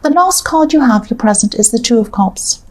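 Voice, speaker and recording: A woman's voice: fairly high pitch, lively intonation, moderate pace. A woman doing a casual tarot reading to camera, thinking aloud in a rambling, hesitant way with many fillers. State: has the hiccups. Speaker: tarot reader.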